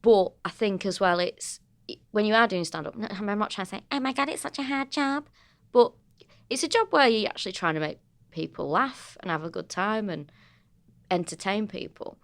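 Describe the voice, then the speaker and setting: A woman with a Manchester accent talks in a loose, sweary podcast chat. She tells stories with plenty of bounce and energy. Her voice sits at an ordinary middle pitch. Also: normal speed. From North of England. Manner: sweary, animated storytelling. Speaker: comedian and podcast co-host. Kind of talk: casual chat.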